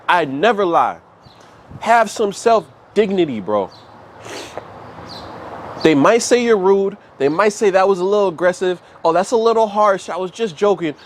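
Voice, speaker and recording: A man's voice: fairly high pitch, slight background noise. A man giving blunt, repetitive motivational advice to his viewers in casual slang. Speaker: self-improvement vlogger.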